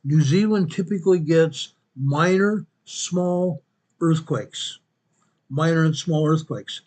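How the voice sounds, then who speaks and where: A man's voice: a little high, normal speed, darkish tone. A man hosting an earthquake report over a map, repeating each figure and correcting himself as he goes. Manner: repetitive, restates each quake figure; corrects himself mid-sentence. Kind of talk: narrating a map-based earthquake update.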